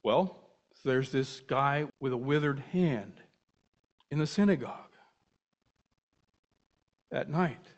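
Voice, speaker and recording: An older man teaching a Bible class in a casual, animated way, asking many rhetorical questions and breaking off mid-sentence. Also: medium pitch, slow pace, pauses often. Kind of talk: informal Bible teaching talk. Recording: muffled lo-fi recording.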